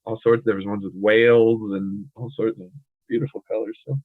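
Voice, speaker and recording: A man with an American English accent, co-hosting a podcast in casual chat, talking in a relaxed, monotone way full of fillers. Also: fairly low pitch, fairly quick, no room sound. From United States. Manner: relaxed, filler-heavy, says he speaks in a monotone. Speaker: podcast co-host. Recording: dry, phone-like audio.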